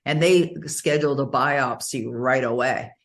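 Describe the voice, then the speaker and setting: A middle-aged woman giving an interview, telling stories in a lively way and often laughing as she talks. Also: very deep voice, measured pace. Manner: animated storytelling, frequent laughs. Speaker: interview guest. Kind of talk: casual interview conversation.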